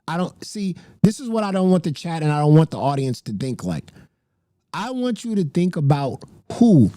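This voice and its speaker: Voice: medium pitch, dark tone, no room sound, clean studio sound. A livestream host chatting casually with viewers, laughing often and swearing freely.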